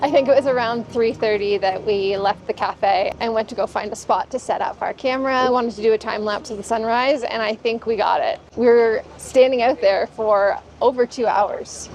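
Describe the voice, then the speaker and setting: Travel vlogger, woman, gravelly edge, chatty and a bit winded, soft music under her. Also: fairly high pitch, brisk, few pauses, poor audio. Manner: chatty, laughs easily. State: slightly out of breath. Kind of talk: casual travel vlog chat. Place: outdoors on a volcano lookout.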